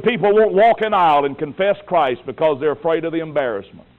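A man preaches with a high, ringing voice, pressing his listeners with question after question. He drops to a hush, then climbs to a shout. The recording is thin and tinny, as if over a phone line. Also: lively intonation, quick pace, few pauses. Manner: impassioned, full of rhetorical questions, swings from hushed to shouting. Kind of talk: sermon.

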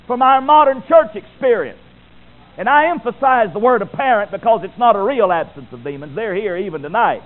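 A man preaching a sermon, emphatic, swinging from loud declarations to quiet, solemn asides, heard through a tinny recording. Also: sits high, sing-song, normal speed.

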